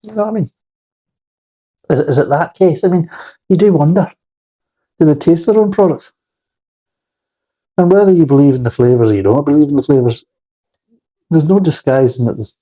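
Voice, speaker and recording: A man's voice: a little high, animated, moderate pace, long pauses, warm tone, husky, rough recording. A man giving a blunt, rambling, sweary beer review in a casual spoken style.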